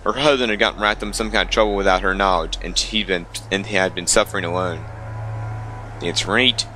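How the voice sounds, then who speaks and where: A man's voice: low voice, steady tone, brisk, sharp tone, faint music behind. A young man reading a visual novel aloud, stumbling over lines and breaking off for wry asides. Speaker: let's player.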